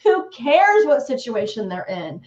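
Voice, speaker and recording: A woman's voice: a little high, sing-song, measured pace, darkish tone. A woman guest coach on a live webinar, talking emphatically and acting out sales scripts. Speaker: guest real estate coach. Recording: echoey, dull lo-fi stream audio.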